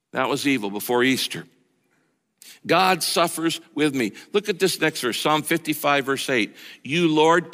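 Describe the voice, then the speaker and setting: A middle-aged male pastor preaching a sermon, emphatic, slowing down and dropping low on key lines. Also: a bit bright. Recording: long reverb of a large hall.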